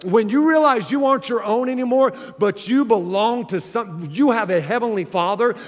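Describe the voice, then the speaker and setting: High-voiced pastor in a reverberant hall. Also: male voice, normal speed. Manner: earnest, conversational storytelling that rises to emphatic exhortation. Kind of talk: sermon.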